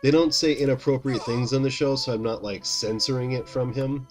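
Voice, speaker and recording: A man's voice: mid-range voice, fairly even intonation, a little fast, soft background music. A tired man in his thirties, rambling casually to his chat while playing a game. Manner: rambling, chatty, talks to chat by name. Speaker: game streamer.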